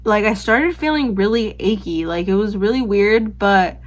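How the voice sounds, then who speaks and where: A young woman vlogger tells a story straight to camera in a loose, rambling way. She fills it with "like" and restarts, and swears offhandedly. Her voice sits at an ordinary middle pitch. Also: normal speed. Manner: rambling, filler-heavy, lots of "like" and restarts; candid, swears casually.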